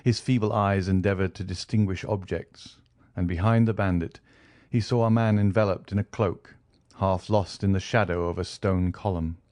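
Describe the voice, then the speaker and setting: A man reads a classic novel aloud in a steady, even storytelling manner. His voice sits on the low side. The recording is dry and close. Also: moderate pace, dry recording. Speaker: audiobook narrator. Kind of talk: scripted narration.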